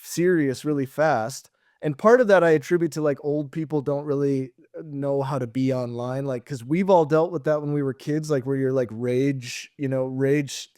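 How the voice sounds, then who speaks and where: Young guy rambling on a podcast, filler words everywhere, bit high voice, dry sound. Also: a little mellow, no room sound. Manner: rambling, filler-heavy, laughs a lot. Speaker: podcast co-host. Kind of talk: casual chat.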